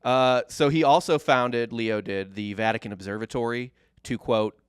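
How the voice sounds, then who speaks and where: A man's voice: medium pitch, steady tone, moderate pace, smooth, no echo. Dry-voiced joking man telling history. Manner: jokey, slips into mock accents. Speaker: podcast co-host telling history. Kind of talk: casual comedic history chat.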